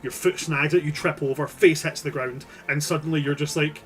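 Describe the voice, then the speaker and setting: A man's voice: a little high, steady tone, brisk, a bit bright, soft background music. A man narrating as game master in a loose, rambling way, with casual swearing.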